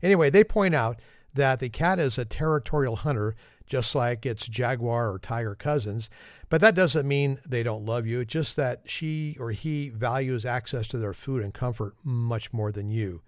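A man's voice: medium pitch, normal speed, no echo, clean studio sound. A man hosting a podcast and delivering a humorous monologue in a wry, self-deprecating, conversational manner. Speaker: podcast host.

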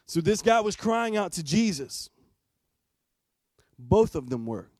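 A man's voice: sits high, very animated, takes it slowly, a little mellow, dry recording. A man preaching a sermon as pastor in a church. He talks conversationally and asks the congregation direct questions.

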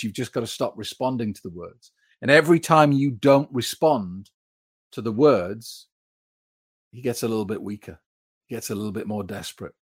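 A man's voice: mid-range voice, no echo, clean studio sound. A man hosting a live sobriety support stream, reading out viewer comments and answering them in a chatty way.

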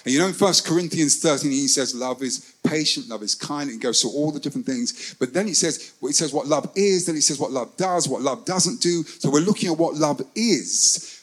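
A man preaching a sermon, swinging between loud calls and hushed asides and leading the congregation to repeat his phrases. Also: fairly high pitch, fairly quick, rough recording. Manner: repeats phrases and leads call-and-response with the congregation. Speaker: pastor.

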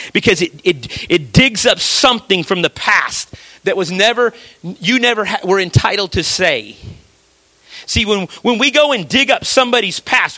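A man preaching a sermon in a conversational way, with rhetorical questions and a habit of dropping low and quiet for emphasis. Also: dry recording. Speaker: pastor.

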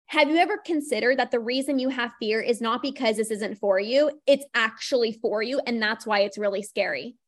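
A woman's voice: fairly high pitch, a little fast, hardly any pauses. A young woman hosting a solo podcast, talking casually with lots of "like" and acting out little inner voices. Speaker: podcast host.

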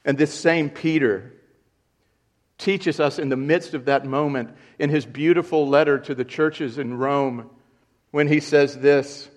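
A man's voice: medium pitch, a little slow. A man, a pastor, preaching an earnest sermon who repeats key points and rises in volume for emphasis.

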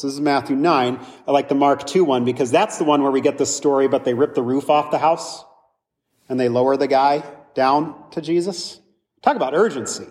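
A man's voice: mid-range voice, a little mellow, in a large hall. A man, a pastor, preaching a conversational sermon full of rhetorical questions.

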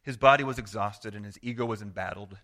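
A man preaching a sermon as pastor, earnest and conversational, swinging from loud to hushed and acting out quoted prayers. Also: on the low side, fast talker. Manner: acts out quoted prayers and replies in voice.

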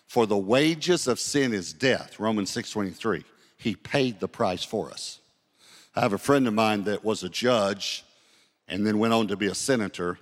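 A man pastor delivering a sermon, telling a story and slowing down to read scripture aloud. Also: on the low side. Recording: long hall reverb.

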